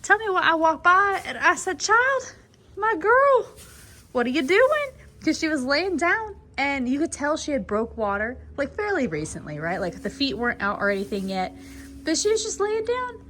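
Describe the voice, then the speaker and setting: A woman chatting casually on camera in a horse barn at night, rambling and laughing, cooing softly to the mares and foals. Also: high-pitched, big pitch swings, a little fast. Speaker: foaling attendant filming her barn. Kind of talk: casual vlog chat.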